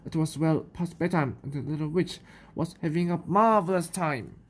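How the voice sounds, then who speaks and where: A woman with a New Zealand accent reading a children's picture book aloud, slowly and carefully, with small stumbles. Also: deep voice, slightly rough. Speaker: storyteller.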